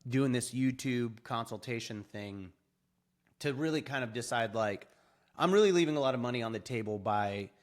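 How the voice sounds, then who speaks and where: Young adult man, podcast guest, lively casual storyteller, medium pitch. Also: normal speed. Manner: animated, acts out quoted dialogue with laughs.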